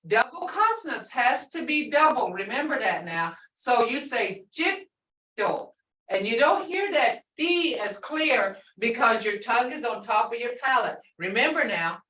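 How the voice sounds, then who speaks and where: Slow-spoken woman teaching a language class. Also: fairly high pitch, pushed and bright. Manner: patient, explains and repeats example words slowly. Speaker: language instructor. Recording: roomy sound from a distant mic.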